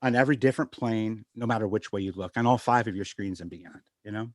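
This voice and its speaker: A man's voice: on the low side, fast, a little mellow, no room sound, studio quality. A man speaking as a guest on a spiritual radio talk show, earnest and reflective as he tells stories. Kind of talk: conversational radio interview.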